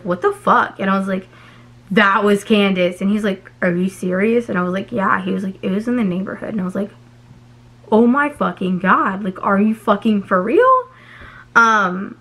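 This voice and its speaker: A woman's voice: mid-range voice, fairly bright tone. A young woman from Texas telling a long personal story in a casual, chatty way, swearing freely and filling her sentences with "like" and "um.". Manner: profane, chatty, filler-heavy. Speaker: vlogger.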